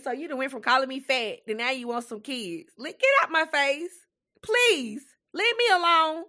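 A young woman co-hosting a comedy podcast in casual chat, expressive and quick to laugh. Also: sits high. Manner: expressive, laughs often, drawn-out reactions. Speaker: podcast co-host.

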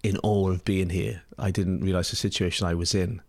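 Scottish man, middle-aged, low voice, rambling and laughing, interview guest. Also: level tone, a little fast, darkish tone. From Scotland. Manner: rambling, laughs often, many restarts and fillers. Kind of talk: casual storytelling.

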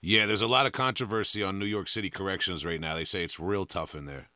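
A man's voice: sits low, steady tone, fast, sharp tone, no echo, studio quality. A man hosting a podcast, asking laid-back questions with frequent restarts. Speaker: podcast host. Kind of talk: casual interview.

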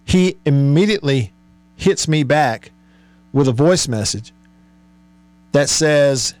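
Chatty radio host, lively voice. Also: male voice, on the high side, drawn-out words, pauses often, soft background music. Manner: chatty, jokey, laughs often. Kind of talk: casual on-air banter.

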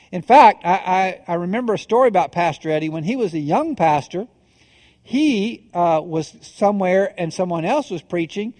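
Middle-aged pastor guy, kinda high voice, jokey stories full of restarts then slow serious preaching. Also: darkish tone. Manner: self-deprecating storyteller, halting restarts, then measured solemn delivery. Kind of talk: sermon with humorous stories.

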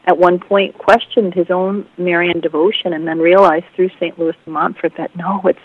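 A woman being interviewed as an author, answering in a heartfelt, rambling way with many fillers and soft laughs. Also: on the low side, fairly even intonation, normal speed, slightly rough, no room sound, narrow, tinny audio. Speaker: guest author.

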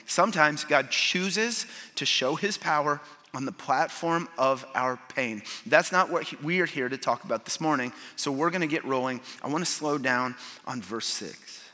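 A man preaching a sermon in a church, emphatic and swinging from loud to hushed. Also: on the high side, in a large hall. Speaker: pastor.

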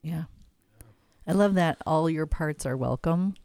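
A woman's voice: low-pitched, measured pace, dark tone, clean tone, no room sound. A woman hosting a podcast, talking in a friendly, curious way. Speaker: podcast host. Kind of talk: casual podcast chat.

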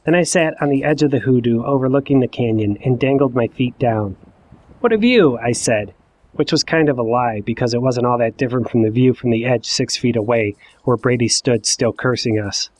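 A man in his forties telling a personal story in the first person, with wry, self-mocking, deadpan asides. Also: medium pitch, brisk, no room sound. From Ohio. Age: 40s. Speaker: narrator.

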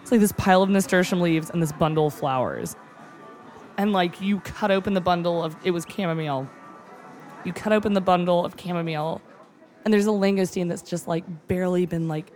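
A cook gushing about a tasting menu in casual chat, excitable and close to tears, with many fillers and some swearing. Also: medium pitch, moderate pace, faint music behind. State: moved nearly to tears.

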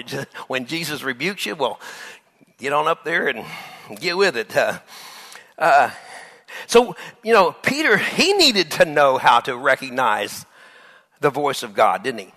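Animated, high-voiced preacher man. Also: unhurried, long pauses. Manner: animated, acts out Bible dialogue with laughs. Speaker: pastor. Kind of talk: sermon.

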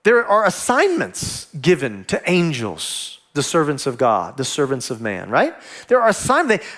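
Male pastor, sermon delivery, high and very animated, acts out the voices in his scripture stories. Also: measured pace. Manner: animated preaching, acts out quoted dialogue.

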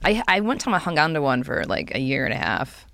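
Young woman on a podcast, bouncy swoopy voice, kinda low, dry close mic, acts out all the quotes. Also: gravelly, no echo. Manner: animated storyteller, quick laughs, acts out quotes. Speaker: podcast co-host. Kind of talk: casual chat.

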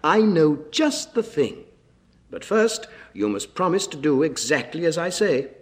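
A man's voice: fairly high pitch, sing-song, moderate pace. A man hosting a children's radio program, leading rhyme games and reciting tongue twisters in a friendly, teacherly way.

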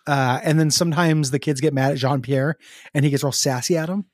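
A man's voice: on the high side, steady tone, a little fast, dry recording, studio quality. A man co-hosting a casual chat, joking crudely and laughing often. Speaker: podcast co-host.

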